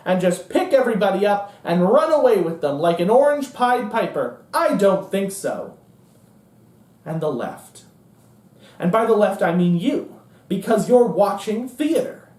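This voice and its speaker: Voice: medium pitch, very animated, a little slow, darkish tone. A monologuist performing a profane, sarcastic and emphatic stage comedy monologue on a theater stage. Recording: roomy and distant.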